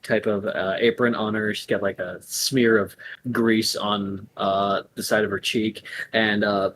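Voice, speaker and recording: A man's voice: fairly low pitch, flat delivery, a little slow, background noise. Rambling game master man. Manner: rambling, many fillers. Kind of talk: narrating a tabletop game stream.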